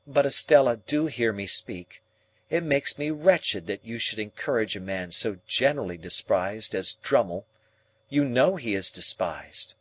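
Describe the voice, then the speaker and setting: A man's voice: on the low side, lively intonation, measured pace, a bit bright, dry recording. A male audiobook reader playing an anxious young man who pleads insistently, his voice raised and emphatic, in a dry recording. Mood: pleading.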